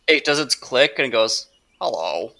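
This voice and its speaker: A man's voice: medium pitch, expressive, normal speed, bright, forceful tone. A man playing in a tabletop game, joking and reacting playfully. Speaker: player.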